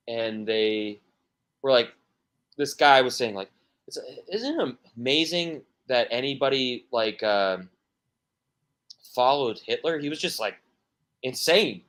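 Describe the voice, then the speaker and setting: A man's voice: mid-range voice, animated, takes it slowly, long pauses, a bit bright. A man, a musician guest on a podcast, talking casually and rambling through stories with many restarts and fillers.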